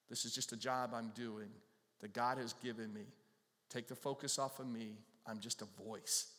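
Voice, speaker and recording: A man voicing a humble, self-effacing male prophet who speaks quietly and insistently. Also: medium pitch, natural voice. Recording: long reverb from a large hall.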